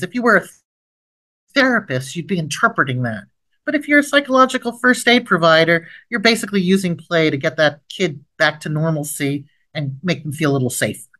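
A woman teaches with lively role-play lines in a low-pitched voice. She's a trauma expert leading a training webinar, giving an instructional lecture with role-played examples. Her energy is high, and her pitch jumps sharply as she acts out gentle approach lines.

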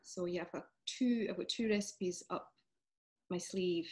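A woman's voice: lowish voice, unhurried, a little mellow. A Scottish woman chatting casually as an interview guest over a video call, laughing often and trailing off. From Scotland. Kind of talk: casual chat.

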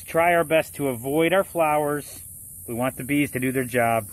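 A man's voice: medium pitch, moderate pace. A man talking casually outdoors in his garden, explaining a gardening task step by step. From Florida. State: muffled by a face mask. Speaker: gardening vlogger. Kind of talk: casual how-to vlog.

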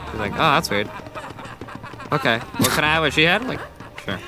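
Relaxed young man chatting over gameplay. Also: on the high side, a little fast, music in the background. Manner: relaxed, tells a work story with light laughs. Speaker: co-player. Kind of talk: casual gaming chat.

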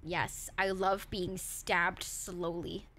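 A woman streaming a video game live, chatting and joking in an excitable, foul-mouthed way as she plays. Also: on the low side, very slow. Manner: excitable, swears and jokes at the game. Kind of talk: live gameplay commentary.

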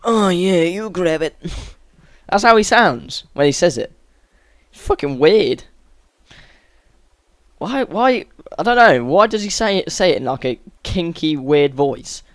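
A man's voice: fairly high pitch, very animated, unhurried, no echo, clean studio sound. A man giving sweary, exasperated running commentary over a video game as a gaming channel host. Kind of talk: let's-play game commentary.

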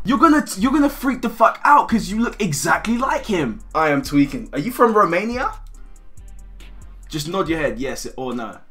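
A young man chatting with strangers on a video chat site. He talks loudly and excitably, swears a lot, and keeps bursting into shouts. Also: a little high. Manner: loud, excitable and profane, breaking into shouts and laughter.

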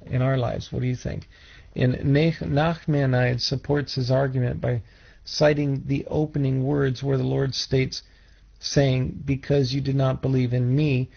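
Gravelly man teaching scripture, lo-fi. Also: mid-range voice. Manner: measured, with restarts and questions to listeners. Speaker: Bible teacher. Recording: dull lo-fi recording.

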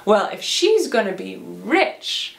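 A woman's voice: mid-range voice, very animated, slow pace, gravelly, exaggerated voice. A woman voicing Petruchio, a brash young nobleman in a homemade storybook retelling, who talks in an eager, pushy rush. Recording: echoey room.

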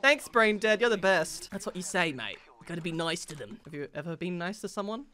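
Excitable young-sounding male streamer. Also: sits high. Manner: excitable, teasing, quick to laugh, mock-Aussie slang. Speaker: gaming streamer. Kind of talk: casual gaming chat.

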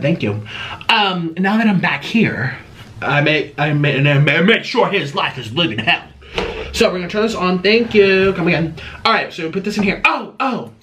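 Animated, high-pitched man, sassy vlog chatter. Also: noisy background. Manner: dramatic, sassy and rambling. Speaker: vlogger host. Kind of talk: casual cooking and eating chat.

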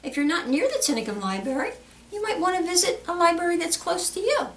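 A woman hosting a children's storytime, reading aloud in an animated, sing-song way with playful animal sounds. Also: very high voice, fast talker, a little hiss or hum. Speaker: children's librarian. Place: public library. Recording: echoey room, mic at a distance.

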